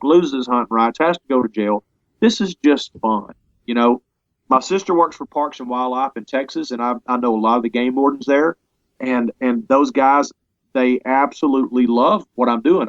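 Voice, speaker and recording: A man talking as an interview guest in a casual conversation. He sounds earnest and halting, often restarting his sentences. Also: mid-range voice, no echo, muffled recording. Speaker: interview guest, parody songwriter.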